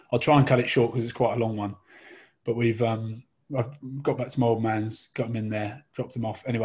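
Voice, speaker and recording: Husky man telling a funny story. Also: medium pitch, darkish tone. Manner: laughing, rambling storyteller. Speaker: guest storyteller. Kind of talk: casual comic anecdote.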